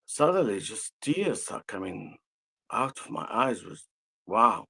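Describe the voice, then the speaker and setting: A man with an Arabic accent, an energy healer telling a personal story in conversation, slow and halting with frequent restarts. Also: fairly low pitch, very animated, creaky, pushed and bright, slightly rough, rough recording.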